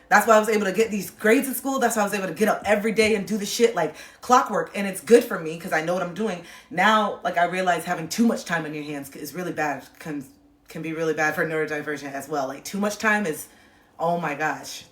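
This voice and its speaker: A woman's voice: lowish voice, quick pace, a bit bright, far from the mic. Rambling woman livestreaming in an echoey room. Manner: rambling, frequent "like" fillers, open and confiding. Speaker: livestream host. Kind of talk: casual livestream chat. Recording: echoey room, voice a bit off-mic.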